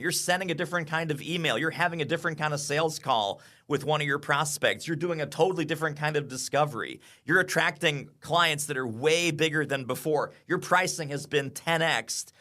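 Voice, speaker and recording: A man talking as a guest on an interview podcast, energetic and quick to act out what clients say. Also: on the high side. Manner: energetic, acts out clients' lines in quoted voices. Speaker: sales consultant and author, podcast guest. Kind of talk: animated interview talk.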